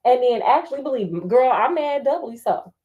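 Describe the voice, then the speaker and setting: A woman's voice: sits high, brisk, dull audio. A woman reading a book aloud and breaking off into sassy, joking commentary. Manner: sassy, animated, laughing asides. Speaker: storyteller.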